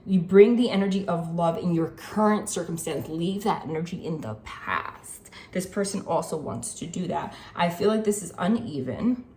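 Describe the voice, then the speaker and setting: A woman's voice: fairly low pitch, animated, moderate pace, hardly any pauses, darkish tone, slight background noise. A woman reading tarot cards to her viewers in an earnest, chatty way, repeating the card meanings and often saying "like" and "okay". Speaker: tarot reader. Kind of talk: casual spiritual reading.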